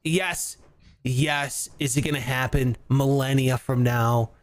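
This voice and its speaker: A man co-hosting a casual chat, animated and prone to loud excited shouts. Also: mid-range voice, slow. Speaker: podcast co-host.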